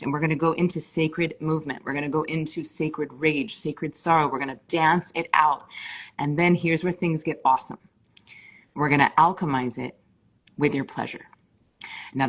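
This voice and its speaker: A middle-aged woman speaking fervently on a live stream as a meditation teacher, swearing for emphasis. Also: low-pitched. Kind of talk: impassioned live-stream talk.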